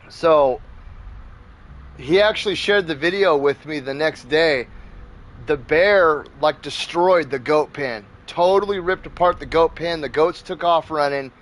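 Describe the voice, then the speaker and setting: A man's voice: on the high side, a little slow. A man hosting a gaming channel, telling a story in a rambling, profane, casual way. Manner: rambling and profane, with many fillers.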